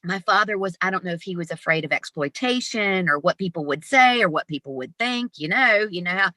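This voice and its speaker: A woman in her fifties, an animated guest telling stories with laughs in an interview over a video call. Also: lowish voice, fairly quick, no room sound. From Southern United States. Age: 50s. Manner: animated, laughing, lively storyteller. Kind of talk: storytelling interview.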